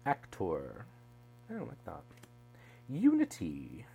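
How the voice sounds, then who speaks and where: A low-voiced man talking casually over a card unboxing. His pitch swings widely as he tosses off wry asides and restarts sentences. A faint mains hum runs underneath. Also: huge pitch swings, slow, creaky, dark tone. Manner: chatty, wry asides, trails off mid-thought. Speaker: tarot deck reviewer.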